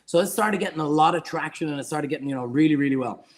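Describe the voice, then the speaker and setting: A middle-aged Irish man, a guest chef, telling rambling, animated anecdotes in a casual interview. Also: on the high side, fast talker. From Ireland.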